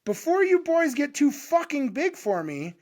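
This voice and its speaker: A man with a fairly high voice co-hosts a podcast from a home studio. He talks loudly and jokes around, swearing all the time. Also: big pitch swings, unhurried. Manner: loud, swearing, hyped and joking. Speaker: podcast co-host. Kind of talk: casual podcast chat.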